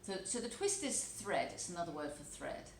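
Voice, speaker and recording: A woman teacher reading a children's storybook aloud, telling it with expressive, animated delivery. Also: fairly low pitch, moderate pace. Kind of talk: storybook read-aloud narration. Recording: echoey room, faint background noise.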